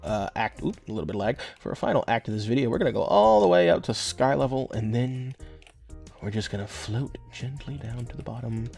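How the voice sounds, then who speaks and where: A man's voice: on the low side, a little fast, a little mellow, soft background music. A young man giving rambling, joking gameplay commentary as a gaming channel host. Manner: rambling, joking, filler-heavy. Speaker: gaming YouTuber.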